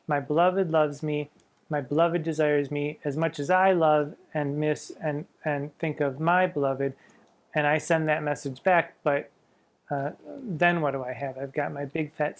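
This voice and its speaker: A man's voice: fairly high pitch, steady tone, unhurried. A man, a drag performer, giving casual spoken commentary on poetry in a musing way, reading verse lines aloud with relish and adding wry, self-mocking asides.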